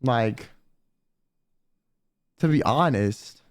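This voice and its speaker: A young man, a streamer, telling a profane, animated story in casual chat and quoting people in put-on voices. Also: a little high, a little fast.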